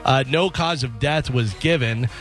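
A man on a radio show reading breaking sports news in a plain, measured way. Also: mid-range voice, a bit bright, faint music behind.

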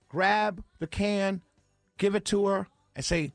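A man's voice: sits high, slow pace, dry recording, soft background music. A man hosting a talk radio show, preaching in a monologue full of rhetorical questions and repeated phrases. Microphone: studio microphone.

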